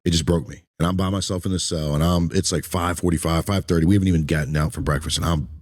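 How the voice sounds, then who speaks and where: A man hosting an interview, speaking emotionally and haltingly about his past, often repeating words. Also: low-pitched, fairly even intonation, darkish tone. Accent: Eastern Shore American. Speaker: podcast host.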